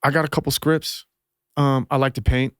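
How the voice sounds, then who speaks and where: A man from Minnesota, a rapper guest on a podcast, talks in a loose, laid-back way with plenty of swearing. His voice sits at a middle pitch, dry and close to the mic. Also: flat delivery, normal speed, a bit bright, clean tone, no echo. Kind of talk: casual chat.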